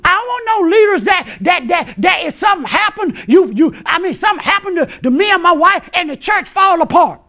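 A pastor preaching an impassioned, colloquial sermon, shouting in bursts and chuckling between points. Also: male voice, very high voice, lively intonation, a little fast, hardly any pauses. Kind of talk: fiery sermon.

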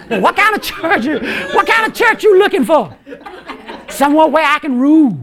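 A pastor preaching an impassioned, colloquial sermon, shouting in bursts and chuckling between points. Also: male voice, extremely high pitch, sing-song, moderate pace. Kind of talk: fiery sermon.

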